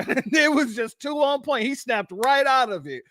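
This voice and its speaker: A man's voice: very high voice, animated, measured pace, a bit bright, no echo, studio quality. A man hosting a casual reaction stream, laughing and speaking to his viewers as family. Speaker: commentary host.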